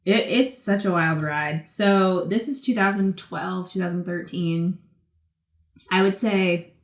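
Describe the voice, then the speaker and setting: Chatty woman with a lowish voice in a roomy space. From Boston area, US. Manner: chatty, many "like" fillers, acts out quotes. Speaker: guest, pro skateboarder. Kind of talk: casual interview storytelling.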